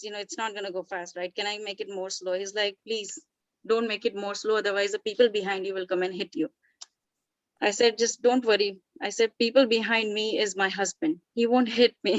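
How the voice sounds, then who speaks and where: A woman's voice: a little high, a bit bright, dry recording, dull audio. A woman leading a session, telling a personal story in an earnest, chatty way with frequent restarts. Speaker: session leader. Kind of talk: casual storytelling talk.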